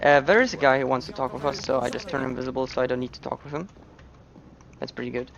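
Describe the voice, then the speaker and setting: Guy joking around while he speedruns, raspy-ish fry, kinda muffled lo-fi headset. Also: medium pitch, fast talker, a crowd in the background. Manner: relaxed, joking asides. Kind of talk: casual gameplay commentary.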